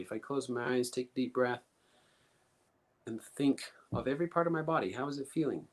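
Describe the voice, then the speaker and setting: A man's voice: mid-range voice, a little fast. Earnest man coaching through rhetorical questions. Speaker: guest speaker teaching emotional coping steps. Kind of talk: instructive talk.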